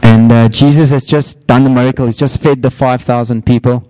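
A man's voice: steady tone, a little fast, mellow, a little hiss or hum, low-quality recording. A middle-aged man preaching a sermon, telling stories and acting out quotes in a raised voice. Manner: storytelling, acts out quotes with raised pitch. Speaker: pastor.

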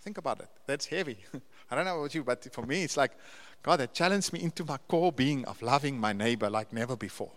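A man's voice: mid-range voice, lively intonation, fairly quick, a bit bright. A man, preaching a conversational sermon to a church, building up to emphatic repeated lists. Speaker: pastor. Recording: long reverb of a church hall.

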